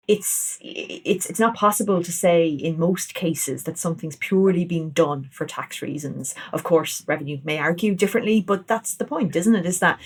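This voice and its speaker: A woman hosting an interview, chatty and agreeable, talking in long running sentences. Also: on the low side. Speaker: podcast host. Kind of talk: conversational interview.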